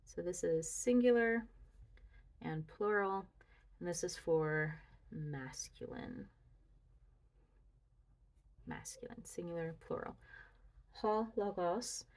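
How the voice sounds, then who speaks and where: A woman slowly talking through a grammar review lesson, musing aloud as she walks through her slides. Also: fairly low pitch, a little mellow. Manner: deliberate, talks through slides, muses aloud. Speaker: student reviewing Greek grammar.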